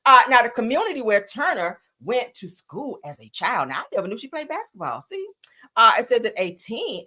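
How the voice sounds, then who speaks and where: A sassy woman streamer reads the news and fires back at it, calling out to her viewers and swearing freely. Her pitch swings up and down in an animated way while she talks. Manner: sassy, emphatic, cusses, talks to viewers as y'all. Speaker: host. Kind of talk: live-stream commentary.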